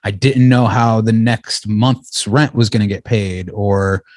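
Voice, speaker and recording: A man's voice: on the low side, steady tone, unhurried, darkish tone, no room sound. A man talking as a podcast guest, rambling and swearing freely, laughing often. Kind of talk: casual podcast conversation.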